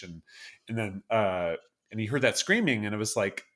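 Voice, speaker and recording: Man with a low, relaxed voice. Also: moderate pace. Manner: enthusiastic storyteller, laughs often. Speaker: podcast co-host. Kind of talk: casual chat about songs.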